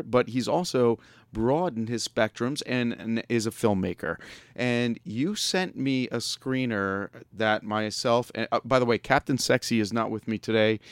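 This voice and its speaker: A man's voice: medium pitch, no echo. A man hosting a casual internet radio interview, joking and laughing often as he rambles along. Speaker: radio show host.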